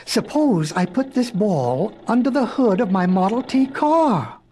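A woman voicing an excitable, absent-minded male professor inventor in a storybook reading, stammering and exclaiming. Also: medium pitch, measured pace. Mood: excited.

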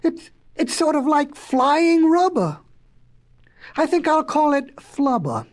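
A woman doing an excitable old-fashioned professor. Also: fairly high pitch, measured pace. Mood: excited. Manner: excited, stammering, exclaiming. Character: excitable absent-minded male professor inventor. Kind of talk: storybook reading.

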